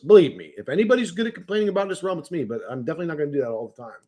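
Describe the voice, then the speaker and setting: A man's voice: on the high side, very animated, fast talker, mellow. A man chatting casually on a livestream, rambling and swearing, often restarting his words.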